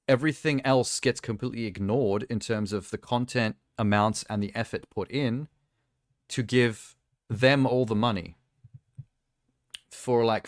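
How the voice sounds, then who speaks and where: A male streamer talking in a loose, rambling rant that drifts from one tangent to the next, often amused at himself. His voice sits at an ordinary middle pitch, and the sound is close and dry with no room echo. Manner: rambling, ranting, self-amused. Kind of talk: casual live-stream chat.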